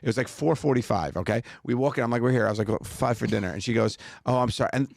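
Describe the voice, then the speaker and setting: A man co-hosting a casual podcast, an animated storyteller who acts out the dialogue and laughs often. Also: mid-range voice, rapid-fire, vocal fry, dry recording, studio quality. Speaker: podcast co-host.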